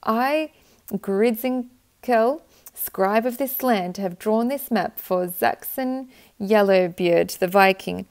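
A woman voicing a clever, curious young girl adventurer in a storybook read-aloud, with a slightly gravelly voice. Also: medium pitch, slow pace, a little mellow.

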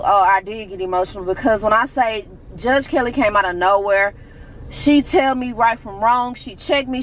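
Woman vlogger, young, chatty and effusive, higher voice, faint street noise behind. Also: a bit bright, low-quality recording. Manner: chatty, emotional, talks straight to viewers. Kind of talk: casual vlog chat to camera.

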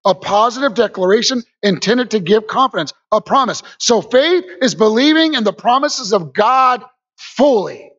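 A man preaching a lively sermon to a church congregation, calling out to them and rising to shouts. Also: high voice, moderate pace, lo-fi sound. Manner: energetic, call-and-response with congregation, rises to shouts.

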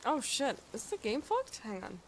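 A woman's voice: on the high side, wildly swooping pitch, moderate pace, slight background noise. A woman streaming a game live, chatting casually, swearing freely and talking back to the game and her chat.

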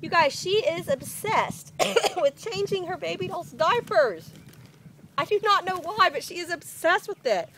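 A young woman, gushing and excitable as she chats casually through an unboxing vlog. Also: extremely high pitch, unhurried, noisy background. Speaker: vlogger.

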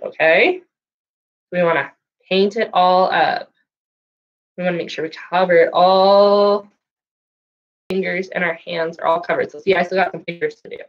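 A woman's voice: lowish voice, highs cut off. Sing-song woman reading to children. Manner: sing-song storytelling, asks children questions. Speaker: children's librarian. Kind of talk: storytime read-aloud and craft lesson. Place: library, indoors.

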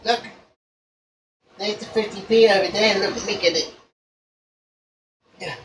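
In her bedroom, a woman chats casually with her pet cockatoo, cooing and praising the bird between asides. Her voice is medium-pitched, steady, and measured, picked up from a distance with a faint room hum.

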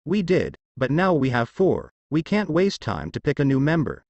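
A man reading the lines of an impatient young female huntress leader who speaks briskly. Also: on the high side, big pitch swings, a little mellow, no echo, dull audio. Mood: irritated. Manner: brisk, irritated.

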